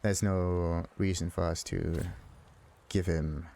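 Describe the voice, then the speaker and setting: A man's low, gravelly, dark voice moves slowly and steadily as he hosts a let's play. Offering casual gameplay commentary, he reads dialogue choices aloud, chuckles, and muses to himself.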